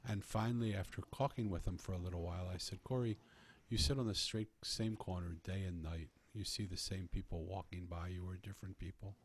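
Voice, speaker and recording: A man's voice: deep voice, fairly even intonation, brisk, hardly any pauses, slight background noise. A man earnestly telling a personal story in conversation, often restarting his phrases. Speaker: podcast guest telling a story.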